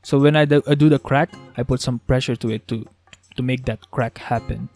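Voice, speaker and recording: Male beatbox tutor, casual, halting delivery with frequent restarts, mid-pitched voice, faint music underneath. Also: steady tone, a little mellow. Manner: halting, restarts, thinks aloud. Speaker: beatbox teacher.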